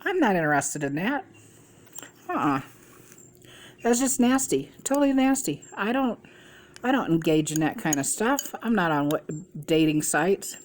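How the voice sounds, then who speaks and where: A woman's voice: on the low side, big pitch swings, a little slow, pauses often, a little hiss or hum. A middle-aged woman vlogger telling a rambling, gossipy story in a casual way, swearing freely. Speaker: mukbang vlogger.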